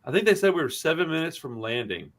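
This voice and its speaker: A man's voice: fairly high pitch, quick pace. A man co-hosting a podcast, telling a story in casual, profane chat and acting out the dialogue. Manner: animated, profane, acts out dialogue. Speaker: podcast co-host.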